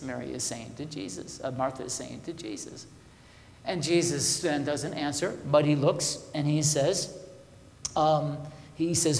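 A man preaching a sermon as a pastor, conversational and questioning his listeners, moving between loud emphasis and quiet asides. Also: fairly high pitch, moderate pace, gravelly. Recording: echoey hall with long reverb.

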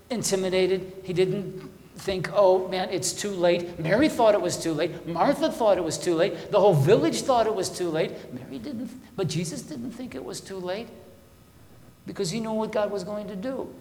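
Man preaching in an echoey hall. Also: sits high. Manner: conversational, asks the listeners questions; swings between loud emphasis and soft asides. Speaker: pastor. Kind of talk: sermon. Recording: echoey hall with long reverb.

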